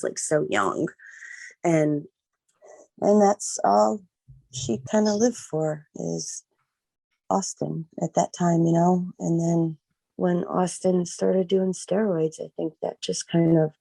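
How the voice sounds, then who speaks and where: Middle-aged woman, deep gravelly voice, rambly, says "like" a lot, dry close mic. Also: dark tone, no echo, poor audio. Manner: rambling, fills speech with "like" and "you know". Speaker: guest, mother of a missing daughter. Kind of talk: emotional personal recollection.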